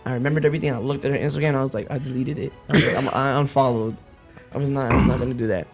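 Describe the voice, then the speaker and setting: A young man talking casually on a podcast, telling profane stories fast and mimicking people in put-on voices. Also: medium pitch, fairly even intonation, gravelly, music in the background. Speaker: podcast co-host. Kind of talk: casual chat.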